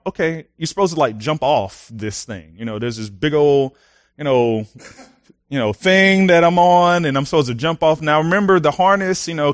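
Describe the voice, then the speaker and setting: A young man preaching a sermon, casual and animated, telling personal stories with lots of fillers and laughs. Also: on the high side, no room sound, clean studio sound.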